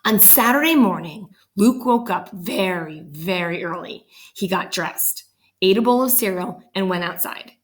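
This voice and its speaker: A teacher reading a picture book aloud to her class, with animated, expressive storytelling. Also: medium pitch, a little slow.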